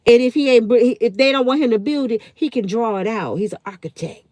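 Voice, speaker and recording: A woman's voice: fairly high pitch, animated, fast talker, a little mellow, no room sound, clean studio sound. A woman in her fifties hosting a live stream, answering her chat in a heated, blunt way and swearing freely. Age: 50s. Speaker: channel host.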